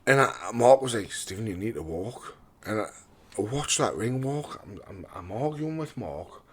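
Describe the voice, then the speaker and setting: Young boxer guy, lowish voice, blunt and sweary, stumbles and repeats himself while telling stories. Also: lively intonation, moderate pace, breathy edge. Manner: blunt, swears freely, repeats words and acts out others' lines. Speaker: professional boxer, guest. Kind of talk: candid storytelling interview.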